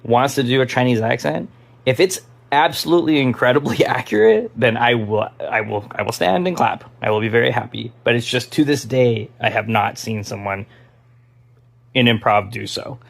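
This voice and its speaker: A man's voice: medium pitch, moderate pace, creaky. A man from Taiwan, an improv teacher, giving his frank opinion in a casual talk to camera. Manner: casual, frank, lots of fillers.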